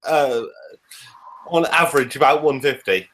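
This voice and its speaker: A man from England with a Kent accent, a guest in casual chat, halting and repeating words. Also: mid-range voice, a bit bright, poor audio. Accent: English, Kent.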